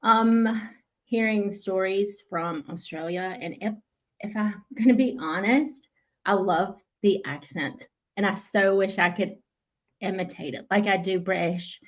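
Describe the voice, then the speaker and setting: A woman co-hosting a live podcast, sounding bubbly and excitable as she chats. Her voice sits in a middle range. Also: medium pitch, measured pace. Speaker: podcast co-host.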